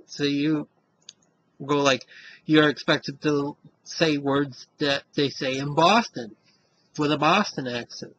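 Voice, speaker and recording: A man with a Western Massachusetts accent blended with a Central Florida accent talks straight to the camera in a loose, rambling vlog style. His voice is bright and forward, and he takes his time, drawing each sentence out slowly. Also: a little high, dull audio, a little hiss or hum. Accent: Western Massachusetts mixed with Central Florida. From Springfield, Massachusetts. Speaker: vlogger. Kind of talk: casual talk to camera.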